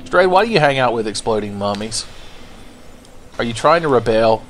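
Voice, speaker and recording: A man's voice: mid-range voice, animated, normal speed, a little hiss or hum. A man hosting a let's play, giving crude, playful gameplay commentary full of swearing and jokes. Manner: crude joking, profane, playful.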